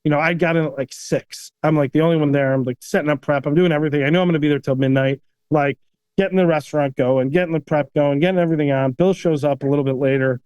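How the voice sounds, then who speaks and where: A man, a chef and restaurant owner, telling stories casually in an animated way, often tagging "you know what I mean.". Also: a little high, fast, clean tone, dry recording. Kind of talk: casual storytelling.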